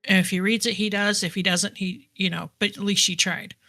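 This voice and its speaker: A woman's voice: mid-range voice, fairly even intonation, a little fast, sharp tone. A woman speaking directly and persuasively in character during a tabletop game. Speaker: player. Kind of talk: in-character tabletop role-play.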